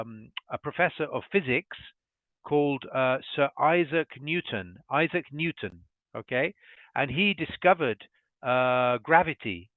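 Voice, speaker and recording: A British English teacher, a man, explaining pronunciation slowly and carefully over a video call. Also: medium pitch, no echo. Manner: slow, careful demonstration of each word. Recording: thin phone-like call audio.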